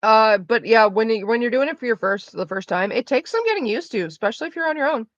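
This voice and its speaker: A woman streamer in casual chat with her viewers, rambling fast and swearing freely. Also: fairly high pitch, animated, no room sound, lo-fi sound.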